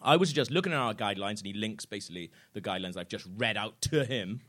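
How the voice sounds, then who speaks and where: A man's voice: on the low side, animated, fast talker, fairly bright tone. A man hosting a comic podcast before a live audience, reading out his messages with frequent laughter. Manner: laughs often, reads messages aloud in a cheeky voice. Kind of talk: comic storytelling.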